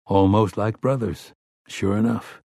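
A man voicing a terse, calm gunslinger in an audiobook. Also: fairly low pitch, measured pace, creaky, no room sound, clean studio sound.

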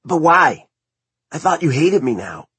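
A man voicing an uncertain young man in an audiobook reading, speaking hesitantly and haltingly. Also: a little high, sing-song, a bit bright, breathy edge, no room sound, pitched above the performer's own voice, full character voice.

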